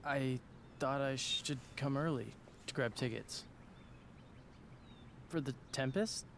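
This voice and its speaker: A man's voice: mid-range voice, slow pace, a bit bright, a little hiss or hum. An actor voicing an earnest, slightly nervous teenage boy in a video game.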